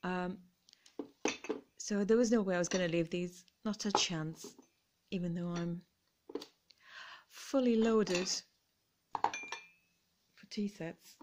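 A woman's voice: lowish voice, slow, pauses often, noisy background. Gushing chatty woman showing thrift finds. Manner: chatty, gushing, apologetic about pronunciation. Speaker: vlogger. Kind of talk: casual thrift haul show-and-tell.

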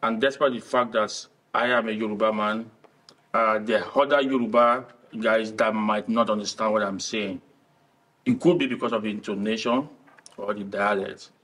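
A man with a Nigerian accent explaining his language in a measured way, pausing often on "uh". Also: lowish voice, steady tone, a bit bright, recorded from a distance. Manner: measured, with frequent "uh" pauses. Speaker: college community member.

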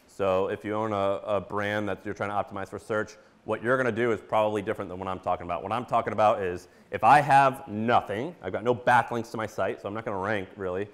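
A man in his thirties speaks casually from a conference stage, slipping in plenty of fillers. His voice sits a little low, and it jumps up in pitch and loudness when he acts out his own surprised reactions. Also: quick pace, hardly any pauses. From Missouri. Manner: animated, storytelling with quoted reactions and filler words.

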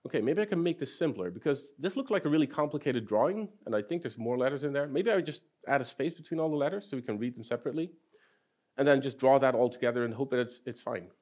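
Man, conference speaker, mid-pitched voice, dry humor, questions to the audience, conversational tech talk. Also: lively intonation, fast talker, darkish tone. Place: conference hall.

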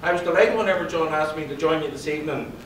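A man with a slightly raised voice gives a lively motivational talk, mixing stories with questions for the room. His voice carries through a big echoing hall. He sounds a little distant from the microphone. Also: a little high, quick pace, a little hiss or hum. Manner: lively storyteller, quizzes the audience. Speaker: conference speaker and psychologist. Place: event hall. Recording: roomy hall, distant pickup.

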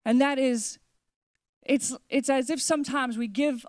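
A woman pastor delivers an emphatic sermon in a fairly high voice. She stacks repeated declarations and slows down to let key phrases land. The sound is dry and close. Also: steady tone, darkish tone, no echo. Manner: emphatic preaching with repeated declarations, slowing for weight. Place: church.

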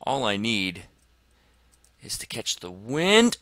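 A man commenting excitedly on his gameplay as a gaming channel host, dropping to whispers and bursting into shouts. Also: fairly low pitch, slow, no room sound. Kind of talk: let's play commentary.

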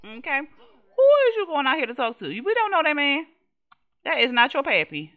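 A woman hosting casual gameplay commentary, talking straight to her viewers with lots of swearing. Her pitch leaps up and down as she reacts. The audio is dull and lo-fi. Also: normal speed. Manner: animated, exasperated, swears freely, chats to viewers. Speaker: gaming channel host.

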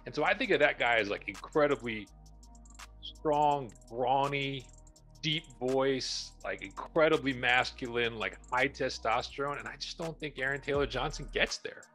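A man's voice: mid-range voice, normal speed, sharp tone, faint music behind. A man co-hosting a podcast, giving detailed and opinionated casual commentary on movie casting. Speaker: podcast co-host. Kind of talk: casual pop-culture commentary.

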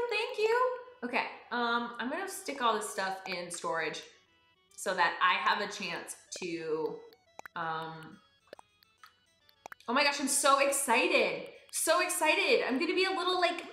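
A young woman streaming a game, bubbly and excitable, swinging between high squeals and low mutters. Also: echoey room. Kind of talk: live-streamed game play.

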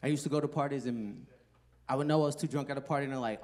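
A man in his thirties races through a stand-up set at a comedy club, his medium-pitched voice carrying a darkish tone. Holding the mic in his hand, he keeps it loose and profane, talking with the audience and cracking himself up.

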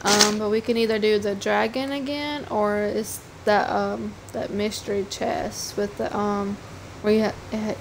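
A woman's voice: mid-range voice, steady tone, a little slow, vocal fry. A young woman chatting while playing a game, explaining plans hesitantly with many ums. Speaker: gaming guest. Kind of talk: casual gaming chat. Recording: noisy line.

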